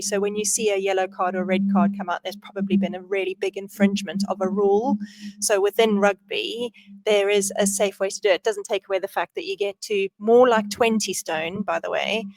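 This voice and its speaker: A woman hosting a podcast, chatting casually and leading the interview. Her pitch sits mid-range, and the recording is dry and close to the mic. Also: no echo, low-quality recording. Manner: chatty, explains with quick asides. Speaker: podcast host.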